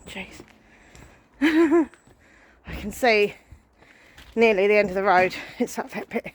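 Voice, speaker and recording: A woman in her thirties films a laid-back vlog on a walk down a residential street, panting and anxious. Her mid-range voice has lively intonation, but she speaks slowly and pauses often, chatting self-deprecatingly between frequent sighs.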